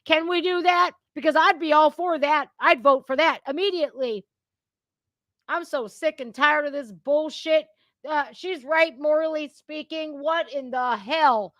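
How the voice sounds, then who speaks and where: A woman's voice: sits high, steady tone, unhurried, fairly bright tone, no echo. Blunt, ranting woman commentator. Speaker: commentator reacting to news clips. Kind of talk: casual reaction commentary.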